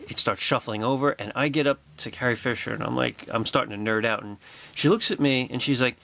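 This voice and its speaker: Animated man telling a wry story. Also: medium pitch, a little fast, gravelly. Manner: animated, excitable, wry and sarcastic. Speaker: vlogger. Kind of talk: personal anecdote storytelling.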